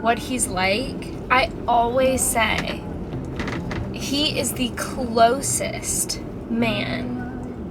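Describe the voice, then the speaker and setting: A young woman vlogging in a casual diary style, chatty and earnest, rambling with lots of "like". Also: fairly high pitch. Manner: chatty, rambling, fills talk with "like"; earnest, heartfelt. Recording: loud background noise.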